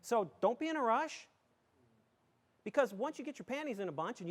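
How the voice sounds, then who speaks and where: A middle-aged man from western New York speaks in a rather high voice. He gives a folksy talk to a community audience, joking and emphatic as he makes his points. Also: animated, normal speed. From southern tier of western New York. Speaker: school superintendent.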